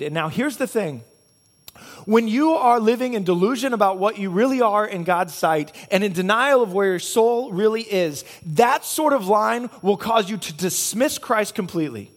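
A man with a notably high voice delivers a sermon as a pastor. He preaches earnestly, stacking one reason on another in repeated chains. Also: animated, normal speed. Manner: earnest, repetitive preaching with building cause-and-effect chains.

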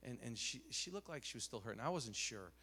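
A man preaching a sermon, telling stories animatedly, dropping to a hush and rising loud again, with many restarts. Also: mid-range voice, lively intonation, fairly quick, slight background noise.

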